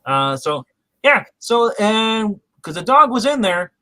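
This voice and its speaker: High, bright-voiced man recapping. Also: takes it slowly, no room sound, rough recording. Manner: animated retelling, acting out quotes. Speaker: podcast co-host. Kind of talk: casual episode recap.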